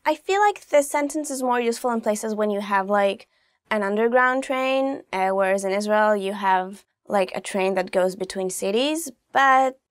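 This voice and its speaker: A chatty young woman hosts a casual video language lesson, pausing to say each phrase slowly and clearly. Her voice sits at a middle pitch and is recorded close up with a dry sound. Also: no room sound. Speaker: language teacher, show host.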